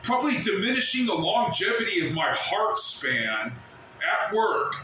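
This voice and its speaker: A man ranting casually to the camera at work, rambling and swearing as he mimics other people's shouts. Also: sits high, very animated, a little slow, far from the mic, background noise. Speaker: vlogger. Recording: very echoey, from off the mic.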